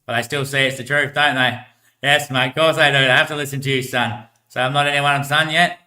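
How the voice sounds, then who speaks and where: A man rambles in loose, slangy talk, swearing freely and breaking into laughs. His voice is bright and sharp at a middle pitch. The room around him echoes. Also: fairly even intonation, a little fast. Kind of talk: rambling casual monologue.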